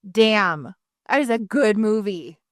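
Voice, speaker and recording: A woman in her thirties co-hosting a podcast in casual chat, telling lively stories, playing other people's lines and laughing as she goes. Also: mid-range voice, takes it slowly, dry recording, clean studio sound. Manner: animated storytelling, acting out others with laughs and swearing. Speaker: podcast co-host.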